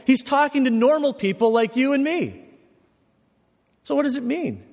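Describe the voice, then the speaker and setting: Animated male pastor in echoing church. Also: very high-pitched, normal speed. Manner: animated, rising to emphatic peaks. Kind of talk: sermon. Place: church sanctuary. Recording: long reverb of a church hall.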